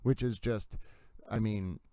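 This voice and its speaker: Male host, casual rambling commentator; mellow, resonant tone. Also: on the low side, steady tone, slow, smooth, dry recording. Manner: rambling, self-interrupting. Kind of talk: casual commentary on court videos.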